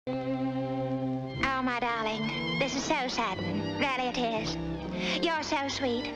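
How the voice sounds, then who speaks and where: Coquettish cartoon sweetheart, high and drawn out, over a loud 1940 score. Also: female voice, huge pitch swings, slow pace, exaggerated voice. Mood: swooning. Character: gushing young woman proposing, coy. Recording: old 1940 cartoon soundtrack. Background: loud orchestral music.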